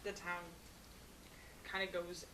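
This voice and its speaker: A woman's voice: on the low side, monotone, takes it slowly, a crowd in the background. A woman co-hosting a film review chat, recapping the plot with chatty asides. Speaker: film review podcast co-host. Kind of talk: casual chat. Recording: echoey room, distant mic, faint hiss.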